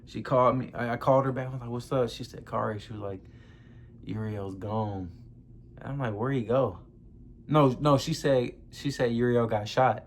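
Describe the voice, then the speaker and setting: A man's voice: mid-range voice, fairly even intonation, a little fast, slight background noise. A young man, grieving as he tells a personal story in loose, slangy talk, close to tears. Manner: loose, conversational slang, addresses viewers as y'all. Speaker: vlogger. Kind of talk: emotional personal storytelling to camera.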